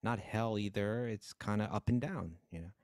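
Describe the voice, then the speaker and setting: A man co-hosting a casual spiritual talk, speaking slowly and reflectively. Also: on the low side, darkish tone, no room sound, clean studio sound. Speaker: podcast co-host.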